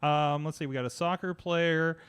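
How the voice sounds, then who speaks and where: A man's voice: on the high side, fairly even intonation, normal speed, a bit bright, clear, resonant tone. A man hosting a casual tech podcast who talks in looping restarts and reads chatbot replies aloud. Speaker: podcast host.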